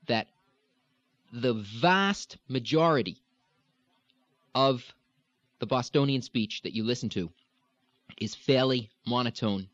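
A man teaching a recorded accent lesson as a dialect coach, explaining in a measured way and demonstrating sounds. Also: medium pitch, no echo. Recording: dull, dry, lo-fi recording.

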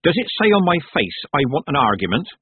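A man's voice: fairly high pitch, very animated, fast, breathy edge, no room sound, voice pushed up, exaggerated voice. A man voicing a stern old woman witch who snaps out bossy commands in a storybook reading. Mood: commanding. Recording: dry, phone-like narrow sound.

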